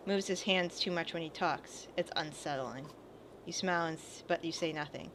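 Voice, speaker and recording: A woman's voice: low-pitched, normal speed, fairly bright tone. A woman playing a video game and reading its dialogue aloud in a casual way, swearing now and then and commenting on the game as she goes. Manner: reads lines mostly without character voices. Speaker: let's play gamer.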